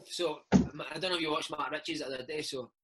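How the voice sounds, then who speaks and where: A former footballer from Scotland, in his thirties, tells lively anecdotes in a casual interview and keeps calling the listener "mate" and "man." His voice is fairly high and brisk, with noise audible in the background.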